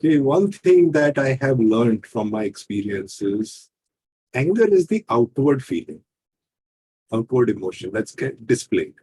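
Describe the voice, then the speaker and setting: Calm, husky man explaining. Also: medium pitch, rough recording. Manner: measured, teacherly, rhetorical questions. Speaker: guest, healing coach. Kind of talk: calm explanatory interview talk.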